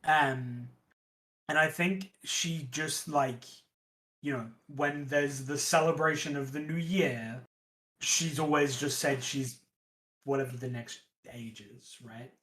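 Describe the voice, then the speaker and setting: A man acting as game master in a casual tabletop game, explaining each point slowly and with many fillers. His voice is bright and slightly tense, and he speaks at a slow pace. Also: medium pitch, steady tone. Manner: unhurried, hesitant, many fillers.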